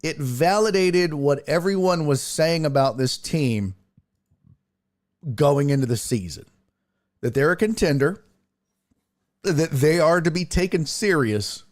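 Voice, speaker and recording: A man's voice: on the high side, a little slow, pauses often. A man hosting a sports talk show, chatting casually and thinking aloud as he reacts to the news.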